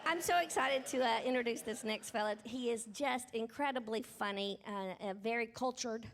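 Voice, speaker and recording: High-voiced woman hosting a live show. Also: moderate pace. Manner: gushing, teasing the crowd. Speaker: show host. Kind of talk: introducing comedians. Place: stage before a live audience. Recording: noisy live room with crowd.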